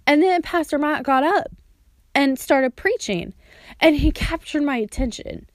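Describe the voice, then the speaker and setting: A woman with a high, expressive voice speaks unhurriedly, giving a heartfelt personal testimony in an earnest, storytelling way and sometimes acting out words she remembers. The audio is studio quality with no echo.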